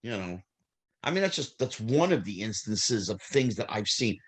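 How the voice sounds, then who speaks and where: A man, a former child actor telling lively stories as an interview guest. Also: fairly low pitch, moderate pace, husky. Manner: animated, acts out quoted people, restarts. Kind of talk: storytelling interview answers.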